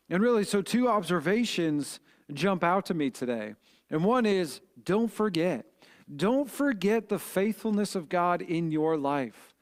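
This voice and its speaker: A middle-aged man, preaching a short devotional sermon in an earnest, conversational way, with fillers and restarts. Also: a little high. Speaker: pastor.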